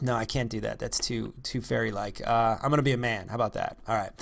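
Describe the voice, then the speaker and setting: A man's voice: fairly low pitch, steady tone, quick pace, creaky, hardly any pauses. A man who is a real estate investor giving a casual, rambling talk on negotiation, full of fillers and restarts.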